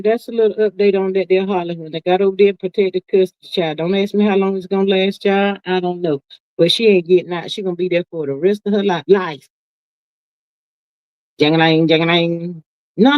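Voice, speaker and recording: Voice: medium pitch, no room sound. Brief: sassy live-stream gossip host, folksy chatter, muffled and dry sound. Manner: sassy, folksy, peppered with "honey" and "child". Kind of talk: casual live-stream commentary, reading viewer comments.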